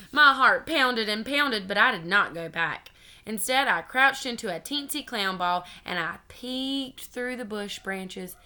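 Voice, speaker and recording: A woman's voice: medium pitch, animated, unhurried, sharp tone. A woman teacher reading a children's storybook aloud to her students, friendly with some hesitant ums.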